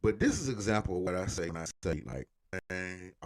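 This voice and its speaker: A man with a drawl rants in heated, profane commentary. His voice sits low but swings widely as he presses each point with exasperated emphasis. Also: animated, a little fast. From Louisiana, USA. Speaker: commentary vlogger.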